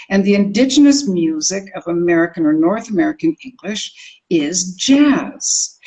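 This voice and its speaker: Expressive older woman, accent coach. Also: mid-range voice, rough recording. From Canada. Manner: expressive, sings out rhythms and sounds. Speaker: accent coach and communication teacher. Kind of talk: animated interview storytelling.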